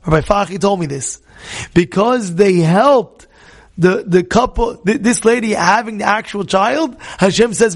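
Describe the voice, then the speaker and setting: Male religious teacher, high and gravelly, chatty storyteller who keeps asking the room questions. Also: slow, pauses often. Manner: conversational, repeats himself, quizzes listeners. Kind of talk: storytelling Torah class.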